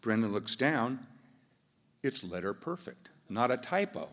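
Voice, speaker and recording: This American man opens a business event as moderator, telling a joke in easygoing remarks at a podium microphone, complete with fillers and restarts. He has a medium-pitched voice, very animated yet unhurried. The large conference hall gives the sound a long reverb.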